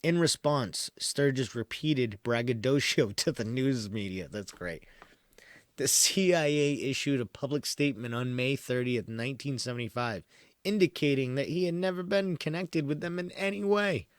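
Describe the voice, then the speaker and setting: Male podcast host, casual rambling commentary, wry laughs, mid-pitched voice, dry close sound. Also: moderate pace, no room sound. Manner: rambling asides, frequent fillers and wry laughs. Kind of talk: casual commentary while reading from an article.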